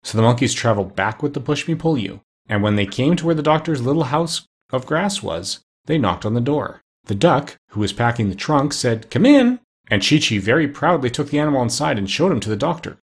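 Husky-voiced man reading a storybook. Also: mid-range voice. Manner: expressive, measured reading. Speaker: narrator. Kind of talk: storybook narration.

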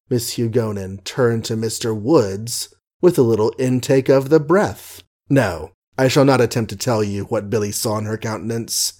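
A man reading a novel aloud as an audiobook narrator, measured, wry and ornate. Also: mid-range voice, warm tone.

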